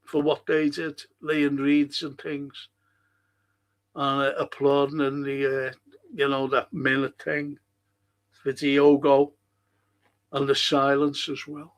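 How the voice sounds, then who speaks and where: A man's voice: mid-range voice, monotone, slow, long pauses. An older man hosting a podcast, chatting in a rambling way and answering listener messages. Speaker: podcast host. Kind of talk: casual chat reading listener messages.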